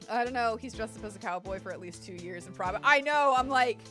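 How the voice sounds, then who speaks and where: A young woman streaming a game, chatting casually, excitable and sarcastic, swearing freely. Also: fairly high pitch, fast, few pauses. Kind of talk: casual gaming commentary. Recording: game music underneath. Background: game music.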